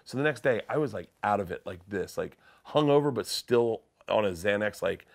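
Guy telling a crazy story loud, laughs, yells the funny bits. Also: lowish voice, a little fast, creaky, hardly any pauses. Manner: loud, laughing, acts out quotes in shouts. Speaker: comedian guest. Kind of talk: animated storytelling.

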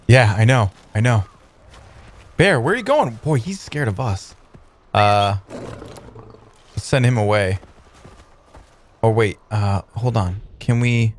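A man hosting a let's play, commenting on gameplay in an excitable, joking way with many exclamations. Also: fairly low pitch, slow pace, long pauses, slight background noise.

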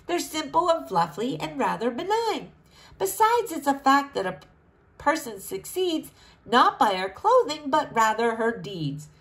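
Storybook princess, young and bookish, voiced by a woman, high and lively, earnest. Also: a little slow, heavily acted. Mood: pleading. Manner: earnest, pleading, rhymed verse.

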